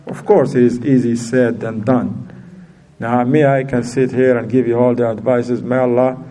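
A man's voice: mid-range voice, steady tone, normal speed, mellow. A man giving an informal religious lesson in a chatty way, asking his listeners questions as he goes. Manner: chatty, asks the audience questions. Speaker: religious teacher. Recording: distant from the mic.

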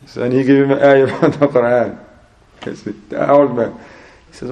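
Speaking at a slightly fast pace with a mid-range voice, this male Islamic preacher tells a story in an English sermon. He plays out both parts of a dialogue with lively, rising energy, using Arabic religious words in his non-native English.

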